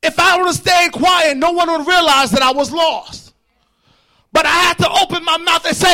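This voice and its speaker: High, shouting man preaching. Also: normal speed. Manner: shouting, fervent, repeats phrases. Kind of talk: sermon. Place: church.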